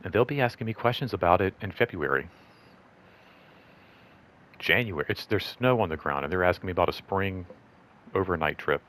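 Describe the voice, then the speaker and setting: A man's voice: lively intonation, normal speed, long pauses, a bit bright. A middle-aged man telling a personal story in a casual, rambling way, full of fillers, sometimes acting out what others said. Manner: acts out quoted voices in higher pitch. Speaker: host.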